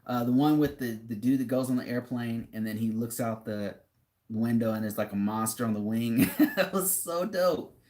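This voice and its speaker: A young man on a live stream reads comments from viewers and chats casually, rambling easily and laughing a lot. His voice is medium-pitched with a darkish tone, at a moderate pace.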